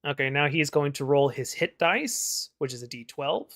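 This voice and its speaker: A man narrates a tabletop game as its game master. His voice sits a little high, and his talk is relaxed and full of small fillers. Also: normal speed.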